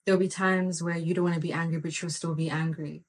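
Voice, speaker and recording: A woman with a somewhat low voice delivers a spirited motivational monologue as a podcast host. She talks in an emphatic, preachy way, driving points home by repeating phrases. Now and then she bursts into excited exclamations. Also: quick pace.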